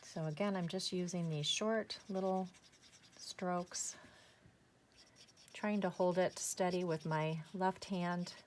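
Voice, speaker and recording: A woman with a low voice chats her way through a craft demonstration, eager and talkative, often talking to herself as she works. The recording carries a faint background hiss. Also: fairly even intonation, slow pace, a little mellow. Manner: chatty, enthusiastic, talks to herself while working. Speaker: craft tutorial host. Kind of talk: casual step-by-step craft demonstration.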